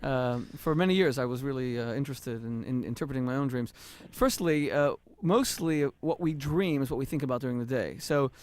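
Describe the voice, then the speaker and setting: Quick-witted lecturing male guest. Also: mid-range voice, animated, darkish tone. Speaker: rabbi and author guest. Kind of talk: radio guest chat.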